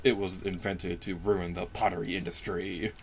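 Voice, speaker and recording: A young man with a fairly low voice talks through a video game in a relaxed, self-mocking way, and his pitch leaps up whenever something excites him. He records at home on a desk microphone, with a faint hum of room noise behind him. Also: gravelly. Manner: chatty and self-mocking, with quick pitch jumps when excited. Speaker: let's play commentator. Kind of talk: casual gameplay commentary.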